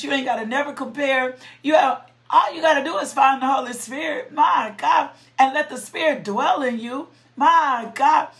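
A woman's voice: high voice, a bit bright. A woman preaching and praying fervently, with repeated thanks, bursts of exclamation, and casual, colloquial talk to her listeners. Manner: fervent, repetitive praise with bursts of exclamation and laughter. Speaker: preacher leading prayer. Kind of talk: prayerful devotional sermon.

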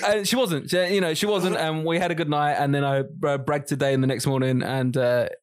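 Rambling podcast co-host. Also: male voice, a little high, steady tone, fairly quick, clear, resonant tone. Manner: rambling, stop-start, jokey. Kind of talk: casual chat.

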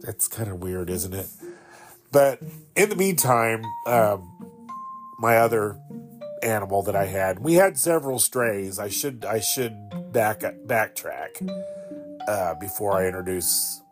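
Low-voiced man telling pet stories. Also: animated, slow, music in the background. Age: 50s. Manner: rambling, sentimental, with fillers and laughs. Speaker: podcast host. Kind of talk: casual storytelling monologue.

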